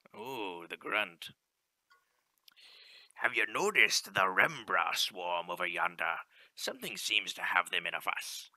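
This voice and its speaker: A cheerful pirate-style caravan leader from a video game, voiced by a man doing an amateur impression. He rolls out his lines in a gruff pirate drawl full of old-fashioned slang. The voice sits low but sounds sharp and bright, recorded close and dry. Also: no echo. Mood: friendly. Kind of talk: amateur game voice-over reading.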